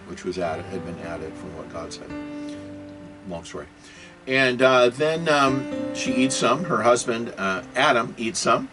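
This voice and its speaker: A man's voice: mid-range voice, expressive, a little slow, music in the background. A man hosting his own video, talking off the cuff in a rambling monologue, full of rhetorical questions, fillers and self-corrections. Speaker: video host. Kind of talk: unscripted political and religious monologue.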